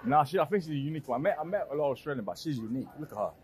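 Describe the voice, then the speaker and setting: A man's voice: a little high, animated, racing, darkish tone. Cheeky young man teasing strangers outdoors. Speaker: street prank vlogger. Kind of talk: casual street banter. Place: busy outdoor street.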